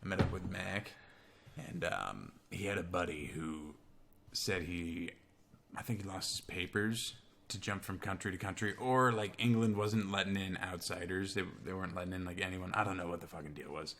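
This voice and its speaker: A man's voice: low voice, normal speed, gravelly, a bit bright. A man co-hosting a casual chat with his brother, swearing a lot and laughing as he talks. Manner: swearing, laughing, slipping into mock accents. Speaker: podcast co-host.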